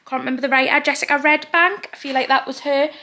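A woman's voice: high-pitched, steady tone, fast talker, bright, forceful tone. Chatty Geordie woman vlogger. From North East England. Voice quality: slight lisp from dental aligners. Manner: chatty and rambling, with frequent fillers. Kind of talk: casual vlog chat.

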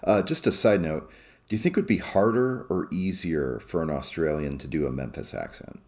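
A man from the American Midwest, co-hosting a podcast in casual chat, measured and thoughtful, with many fillers. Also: deep voice, animated, a little mellow. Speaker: podcast co-host.

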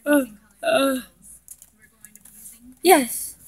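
A woman giving excitable gameplay commentary to her viewers, often breaking into panicked shrieks. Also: high voice, very slow. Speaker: gaming video creator.

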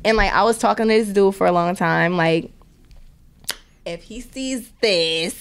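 A woman's voice: medium pitch, a little slow, smooth. A woman from Milwaukee chats as a podcast guest. She tells her stories bluntly and with lots of swearing, laughs often, and slips into the voices of the people she quotes. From Milwaukee, Wisconsin. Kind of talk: casual interview chat.

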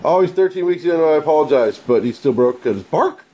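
A man's voice: fairly high pitch, lively intonation, fast talker, a little hiss or hum. Rowdy swearing man vlogging from his car. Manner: rowdy, swearing, barking and yelling outbursts, repeated apologies. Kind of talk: casual vlog commentary.

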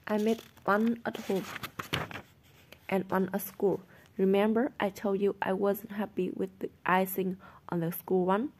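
A woman's voice: mid-range voice, level tone, unhurried, darkish tone, close to an everyday voice. A woman reading the lines of a cheerful, shrewd schoolboy in an airy, matter-of-fact way. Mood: breezy.

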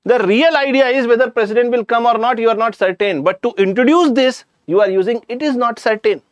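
A man's voice: extremely high pitch, a little fast, no echo. A man with an Indian English accent teaching a live online grammar class, chatty, addressing students directly and slipping in jokes.

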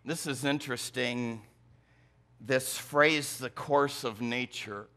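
A man with a Michigan accent preaching a deliberate, emphatic sermon as pastor in a church. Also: medium pitch, a bit bright. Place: church sanctuary.

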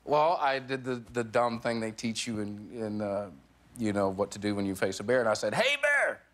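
A man's voice: lowish voice, moderate pace, noisy background. Laughing storyteller man on a talk show. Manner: animated storyteller, laughing through punchlines. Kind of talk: comic storytelling. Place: TV studio with live audience.

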